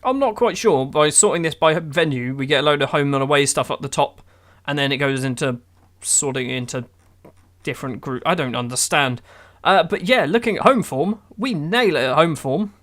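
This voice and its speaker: A man's voice: fairly high pitch, moderate pace, a bit bright. Exasperated man commentating a game. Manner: exasperated, sarcastic running match commentary. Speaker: gaming YouTuber. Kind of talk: playing a football manager game with live commentary.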